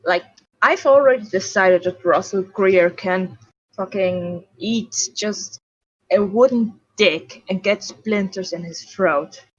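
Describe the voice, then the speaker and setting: A woman's voice: mid-range voice, slow, breathy edge, dry recording. A woman from Switzerland with a Swiss German accent, chatting casually and swearing freely on a late-night stream. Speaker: stream co-host. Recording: dull, lo-fi stream audio.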